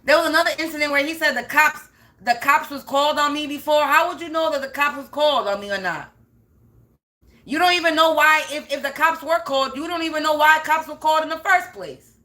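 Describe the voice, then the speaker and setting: Bright, high-voiced woman ranting. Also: a little fast. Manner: profane, emphatic, repeats herself. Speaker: spiritual reader. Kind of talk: unscripted ranting monologue.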